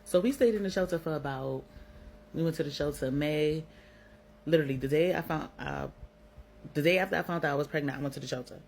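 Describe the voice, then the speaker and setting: A woman's voice: deep voice, fast talker, darkish tone, slight background noise, rough recording. Blunt, slangy New York woman. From Brooklyn, New York. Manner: blunt, slangy, swears freely, lots of "like" fillers. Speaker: vlogger telling her own story. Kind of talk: candid storytime narration.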